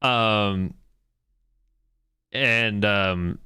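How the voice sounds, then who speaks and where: Podcast co-host, male, bright crisp voice, rambling and profane. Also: lowish voice, extremely slow, dry recording, clean studio sound. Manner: rambling, lots of fillers and "like"; profane, enthusiastic. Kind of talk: casual chat.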